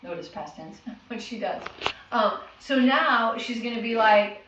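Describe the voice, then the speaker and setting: A woman's voice: on the high side, lively intonation, unhurried, a bit bright, recorded from a distance, lo-fi sound, a little hiss or hum. A woman working as a dog trainer, patiently explaining commands to a puppy's owners and acting out what to say. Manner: patient, instructive, acts out commands and dialogue. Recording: echoey room, voice from off-mic.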